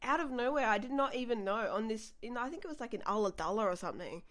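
A woman's voice: fairly high pitch, expressive, quick pace, fairly bright tone. A young woman, a comedian, chatting casually on a podcast and often acting out her own reactions with laughter. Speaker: comedian guest.

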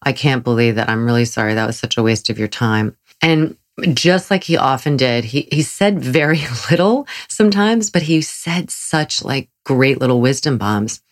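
A woman's voice: rumbling low, animated, normal speed. A woman giving a casual motivational talk, chatty and enthusiastic, telling personal stories with frequent laughs and fillers. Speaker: motivational speaker.

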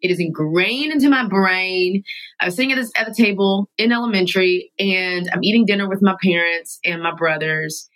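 A woman guest in a studio telling her own story candidly, emphatic and animated, sometimes laughing through her words. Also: mid-range voice, moderate pace, rough recording. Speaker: podcast guest.

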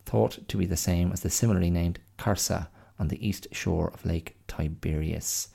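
A man's voice: deep voice, normal speed, gravelly, mellow, breathy edge. A man hosting a podcast alone, rambling and thinking aloud in casual chat. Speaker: podcast host.

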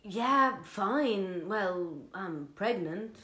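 A woman playing a blunt young flatmate in an audio drama, talking curtly and deadpan. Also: mid-range voice, extremely slow, roomy sound, full character voice. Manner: curt and deadpan, swears.

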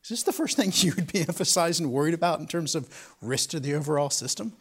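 Measured man moderating a panel. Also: fairly high pitch, expressive, breathy edge. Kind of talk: panel discussion.

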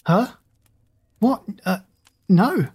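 A woman's voice: medium pitch, lively intonation, very slow, darkish tone, breathy edge, voice pushed up, heavily acted. Zack, a woman voicing an anxious doll prince. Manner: anxious and earnest. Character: frightened young male prince trapped in a doll.

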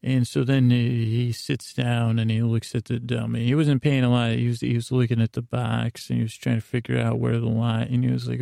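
A man hosting a podcast who tells an improvised comic story in a rambling, halting way. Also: mid-range voice, flat delivery, vocal fry, warm tone, no room sound, clean studio sound. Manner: rambling, halting, full of restarts. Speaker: podcast host.

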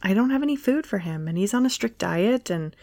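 A young man with a dry, joking wit, his lines slightly lowered and unhurried, as a woman narrator puts him on. He sounds close and dry, with no room around him. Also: lively intonation, a little mellow, no room sound, natural voice. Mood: regretful. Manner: dry, teasing delivery.

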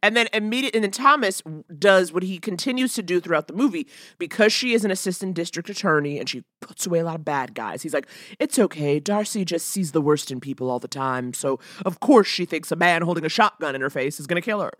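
A woman co-hosting a casual podcast, animated and mock-indignant as she picks apart a movie. Her bright voice swings widely in pitch, recorded close and dry. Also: quick pace, dry recording. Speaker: podcast co-host. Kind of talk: casual chat recapping a movie.

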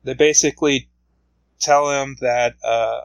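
A man's voice: mid-range voice, steady tone, measured pace, vocal fry, smooth, no echo, poor audio. A man casually retelling a comic book story, rambling along with frequent fillers.

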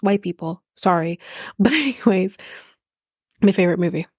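A woman's voice: lowish voice, animated, moderate pace, darkish tone, slightly rough, no room sound, clean studio sound. Chatty, sarcastic woman podcast host. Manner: rambling, sarcastic, and swears freely. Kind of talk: casual chatty reality TV recap.

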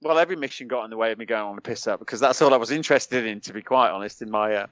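British man telling lively war stories. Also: on the low side, rapid-fire, dry recording, dull audio. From United Kingdom. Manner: animated anecdotes, chuckles often, many restarts. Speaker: podcast guest, former special forces soldier. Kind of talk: casual storytelling.

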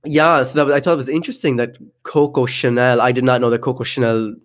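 A fast-talking man co-hosts a podcast, his medium-pitched voice showing little pitch movement. His casual chatter is loose, packed with fillers, and broken up by frequent laughs.

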